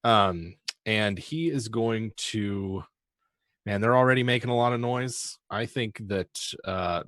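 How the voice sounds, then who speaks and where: A man's voice: low voice, fairly bright tone, no echo, studio quality. A man playing in a streamed tabletop game, talking through his turn in a playful way, thinking aloud. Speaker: player. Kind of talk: casual tabletop game play.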